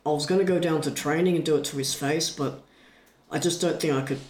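A man retelling a story in a casual chat, animated and full of restarts. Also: fairly high pitch, a little fast. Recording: echoey room.

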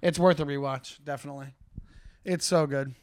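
Excitable higher-voiced podcast co-host man. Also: no room sound. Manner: enthusiastic, laughs often, breaks into quick impressions. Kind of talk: casual chat.

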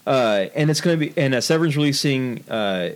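Podcast cohost dude, mid-pitched and easygoing, rambles on with plenty of uhs. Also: male voice, animated, a little fast. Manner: rambling, full of fillers and restarts while reviewing films. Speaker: podcast co-host. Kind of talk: casual chat.

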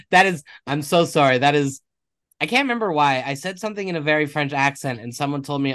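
A man's voice: a little high, brisk, a bit bright. A man co-hosting a podcast in casual chat, joking, laughing often and poking fun at himself. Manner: jokey, laughs often, self-deprecating. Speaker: podcast co-host.

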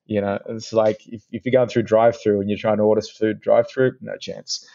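A middle-aged man with an Australian accent, a guest in a casual interview, telling stories in a chatty, animated way with many restarts. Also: lowish voice, brisk, gravelly, muffled recording. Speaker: guest, actor and presenter.

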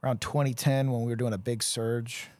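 A man's voice: mid-range voice, level tone, fairly quick, darkish tone, no echo. A man co-hosting a podcast, casually recalling his army days in a rambling way. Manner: rambling, self-correcting recollection. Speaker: podcast co-host, veteran. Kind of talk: casual chat.

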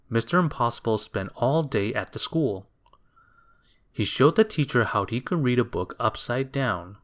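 Slow, expressive man reading a children's story. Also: medium pitch. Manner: gentle, expressive, unhurried.

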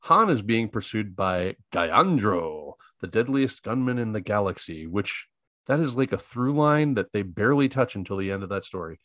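A man's voice: on the low side, lively intonation, moderate pace, fairly bright tone, no room sound, clean studio sound. A man co-hosting a casual chat, reading a plot summary aloud in a laid-back way, stumbling over names and laughing at them. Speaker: podcast co-host.

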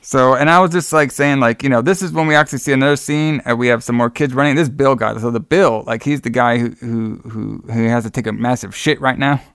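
A man with a gravelly, creaky edge recaps a movie in a rambling, easygoing chat, laughing and swearing as he goes. His voice sounds dry and close to the mic, with no room around it. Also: mid-range voice, fairly quick, few pauses, fairly bright tone, no echo. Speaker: podcast co-host.

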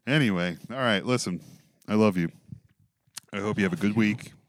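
A man's voice: lowish voice, normal speed, no room sound, clean studio sound. A man co-hosting a podcast in casual, crude banter, laughing often and joking loosely. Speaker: podcast co-host.

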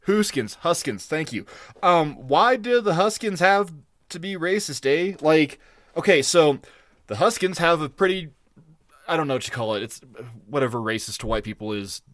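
A man with a slightly high voice rants through a casual podcast review, swearing freely and jumping between gripes. His voice sits close and dry on the mic, with no room sound around it. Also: normal speed, dry recording. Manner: profane, ranting, animated. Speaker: podcast co-host. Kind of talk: casual episode review chat.

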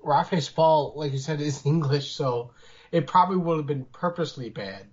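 Guy with a higher voice joking around on a podcast, muffled lo-fi audio. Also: moderate pace. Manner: short agreeing replies, joking. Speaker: podcast co-host. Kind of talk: casual film discussion. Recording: dull lo-fi audio.

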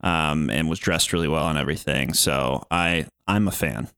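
A man's voice: extremely low pitch, normal speed, fairly bright tone, smooth, no echo, studio quality. A man chatting casually as a podcast co-host, easygoing and laughing along. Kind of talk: casual chat.

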